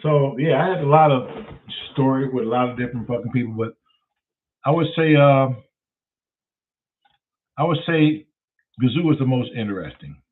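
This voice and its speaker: A man's voice: mid-range voice, moderate pace, pauses often. A man telling a casual, profane story as the host of a talk show, acting out every voice. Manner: profane, animated storyteller who acts out the voices. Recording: tinny phone-like sound.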